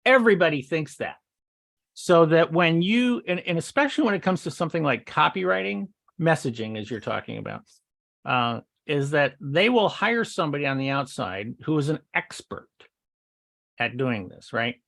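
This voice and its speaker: A man co-hosts a casual marketing podcast, talking in long winding sentences and cutting into other speakers. His voice sits a bit higher than most men's. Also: very animated, moderate pace, creaky, a bit bright. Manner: rambling, restarts and interrupts. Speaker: podcast co-host. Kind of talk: casual chat.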